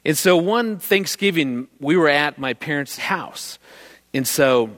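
A middle-aged man speaks to an audience in a fairly high voice. He tells a personal story with energy and acts out each person in it with a shift of voice. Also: takes it slowly. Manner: animated, acts out the people in his story. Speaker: speaker giving a talk on marriage. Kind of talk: storytelling talk before an audience.

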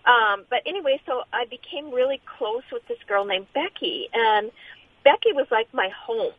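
A middle-aged woman, appearing as an interview guest, gives a personal testimony in an earnest, halting way, restarting often. Her voice is on the high side with lively intonation, and the audio has a tinny phone-line sound.

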